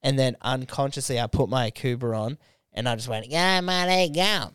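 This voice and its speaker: A young man co-hosting a podcast, telling an animated story in casual chat and putting on other people's voices. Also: mid-range voice, a little fast, smooth, no echo, studio quality. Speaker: podcast co-host.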